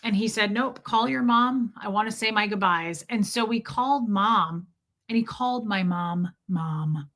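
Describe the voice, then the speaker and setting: Bright-voiced woman telling a story to her chat. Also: mid-range voice, moderate pace. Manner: chatty and emotional, answers chat comments mid-story. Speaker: livestream host. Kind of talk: casual storytelling to a live chat.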